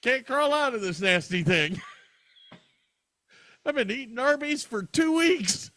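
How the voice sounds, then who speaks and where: A squeaky, shrill trapped creature cries out in a high, pleading voice, as a man puts it on for a joke. The sound is dry and close, with no room around it. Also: lively intonation, measured pace, pushed and bright, no room sound, heavily acted. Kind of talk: comic bit on a podcast.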